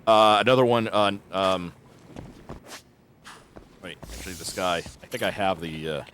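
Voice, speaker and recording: A man chatting live while streaming a game, thinking aloud as he goes. His voice sits fairly low. He rambles and restarts his sentences often. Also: measured pace, long pauses, a bit bright, slight background noise. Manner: rambling, with many fillers and restarts. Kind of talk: live gameplay commentary.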